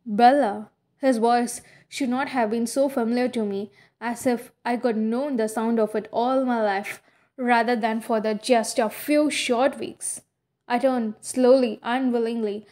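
A woman reading a first-person novel aloud as an audiobook, in a halting way with frequent slips. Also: fairly high pitch, fairly even intonation, a little mellow. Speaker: audiobook reader.

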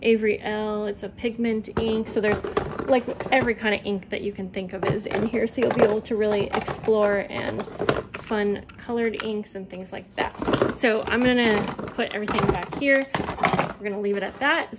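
A woman in a casual vlog, talking quickly and loosely through her craft supplies, with lots of fillers. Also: fairly high pitch, fairly even intonation. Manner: chatty, quick, rambling with fillers. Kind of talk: casual show-and-tell vlog. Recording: loud background noise.

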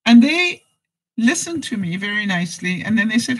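A woman's voice: fairly high pitch, sing-song, moderate pace, a bit bright, slightly rough, rough recording. A woman vlogger talking casually to camera with advice, telling stories chattily, acting out phone calls and laughing between points. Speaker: vlogger giving life advice. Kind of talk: casual direct-to-camera chat.

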